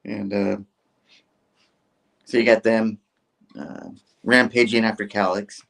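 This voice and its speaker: A man's voice: fairly low pitch, flat delivery, slow pace, gravelly, a bit bright. A man hosting a comic book review show. He recaps an issue in a rambling, casual way, full of filler words. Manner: rambling, with filler words and mock character voices.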